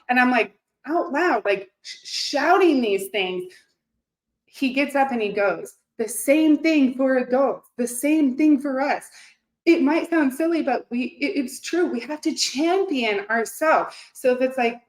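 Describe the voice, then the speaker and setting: A woman in her thirties speaks straight to her viewers in an earnest, chatty way, full of little fillers and restarts. Her voice sits a bit high. The room around her gives it a noticeable echo. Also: lively intonation, normal speed. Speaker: host. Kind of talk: casual motivational talk to camera. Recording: echoey room.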